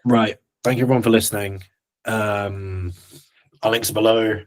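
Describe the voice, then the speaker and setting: A man's voice: fairly low pitch, fairly even intonation, moderate pace. A young man co-hosting a casual podcast, telling gym stories with laughs and casual swearing. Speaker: podcast co-host, coach.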